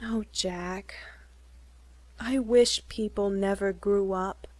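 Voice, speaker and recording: A woman's voice: medium pitch, steady tone, takes it slowly, a little mellow, no echo, natural voice. A woman reading as a flustered young woman, pleading and emotional.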